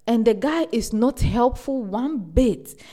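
A young woman hosting a podcast, giving casual relationship advice in an animated, emphatic way and repeating words for stress. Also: on the high side, takes it slowly. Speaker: podcast host.

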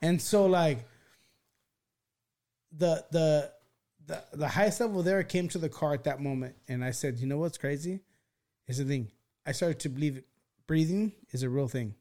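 A man's voice: a little high, normal speed, pauses often. A man on a podcast telling a wild story in rambling, profane casual talk, full of restarts and acted-out quotes. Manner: animated, acts out quoted voices.

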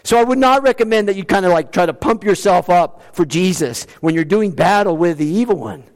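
A man with a high voice preaches a sermon in a church sanctuary, and his voice trails off in a long hall reverb. He talks in a conversational way, reads scripture aloud, and moves between quick bursts and slow, stressed lines. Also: expressive. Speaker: pastor.

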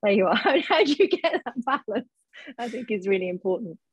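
A woman from Sheffield with a softened Sheffield accent, a guest academic talking frankly in a casual interview, self-mocking and quick to laugh. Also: a little high, lively intonation, husky, dry recording, highs cut off. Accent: softened Sheffield English. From Sheffield, England.

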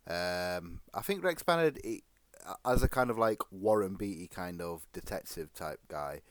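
A man's voice: low voice, animated, unhurried, no room sound. A man co-hosting a podcast in casual chat, rambling and jokey with many restarts. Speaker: podcast co-host.

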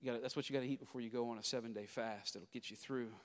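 Southern pastor preaching in a reverberant hall. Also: male voice, mid-range voice, fairly even intonation, rapid-fire. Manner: preaching with swells from quiet storytelling to loud exhortation. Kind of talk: sermon.

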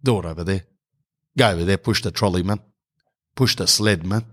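Man putting on a low, dismissive gym trainer. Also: fairly quick. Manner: dismissive, brushing off.

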